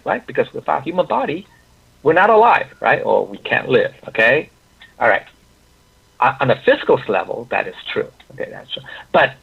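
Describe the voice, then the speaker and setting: Man, class teacher, raspy, gravelly, halting lecture, muffled lo-fi audio. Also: mid-range voice. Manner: halting, with frequent restarts and "okay, right?" check-ins.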